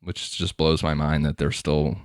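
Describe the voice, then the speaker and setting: Deep-voiced man narrating a podcast. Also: flat delivery, unhurried, no echo, studio quality. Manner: reads case notes, laughs often. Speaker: podcast host. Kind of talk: casual true-crime narration.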